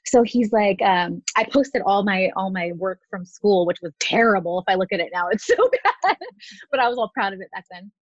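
A woman's voice: mid-range voice, a little fast, no room sound. A woman in her thirties, a makeup artist being interviewed, telling her story in a chatty way, full of "like" and "you know", acting out what people said. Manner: chatty, lots of "like" and "you know", acts out quotes. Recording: dry, slightly dull audio.

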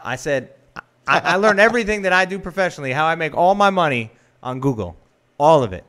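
A man co-hosting a casual tech chat show, easygoing and quick to laugh along. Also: a little high, expressive, fairly bright tone. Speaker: co-host.

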